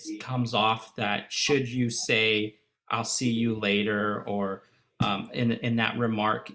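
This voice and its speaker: A man's voice: lowish voice, fairly bright tone. A man giving an impromptu answer on a video call, earnest and hesitant with many fillers.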